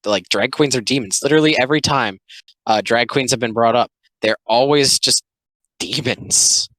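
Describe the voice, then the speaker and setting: A man giving sarcastic, swearing comedic commentary, jumping between deadpan muttering and loud outbursts. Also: mid-range voice, normal speed, dry recording, poor audio.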